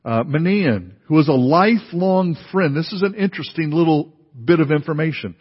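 A pastor giving a sermon in a conversational way, with many fillers and restarts. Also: male voice, on the high side, moderate pace, slightly rough. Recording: dull, lo-fi recording in a reverberant hall.

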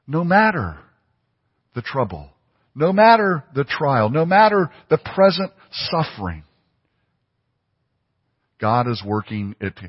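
A man's voice: fairly high pitch, breathy edge. A man preaching a sermon, emphatic and fond of repeating phrases for stress. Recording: muffled audio with long hall reverb.

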